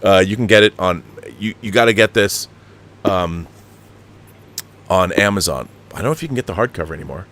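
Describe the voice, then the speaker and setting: A middle-aged man hosts a casual live stream in a low voice, talking fairly quickly but pausing often as he reads viewer comments aloud. He reacts in an animated way, with frequent restarts, laughter, and swearing when annoyed.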